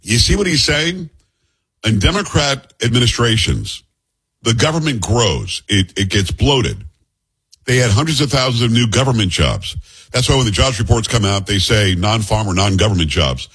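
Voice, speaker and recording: A man's voice: medium pitch, big pitch swings, moderate pace, a bit bright, breathy edge. A man with a New York accent hosting political commentary, blunt and sarcastic. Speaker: host commentator.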